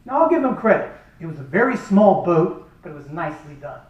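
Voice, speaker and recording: Man telling a lively funny story, echoey. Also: on the high side, fairly quick, highs cut off. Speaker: speaker at a charity event. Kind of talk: humorous storytelling speech. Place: event hall. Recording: echoey hall from far off.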